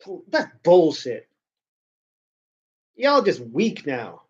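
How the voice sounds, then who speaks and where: A man's voice: a little high, wildly swooping pitch, extremely slow, darkish tone, slightly rough, dull audio. A man hosting a show, giving a brash, blunt ranting commentary full of swearing. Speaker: show host.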